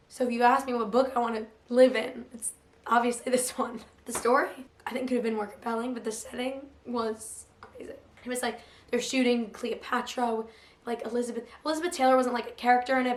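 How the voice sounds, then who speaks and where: A young woman with a hoarse, recovering voice chatting casually about books, full of "like" fillers. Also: a little high. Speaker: book vlogger. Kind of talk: casual chat. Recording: roomy echo.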